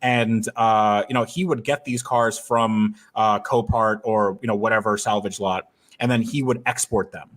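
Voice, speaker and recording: A man's voice: fairly low pitch, fairly even intonation, moderate pace, fairly bright tone. A man telling a story as a podcast guest, in a loose, rambling way with many fillers and restarts. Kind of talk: casual podcast chat.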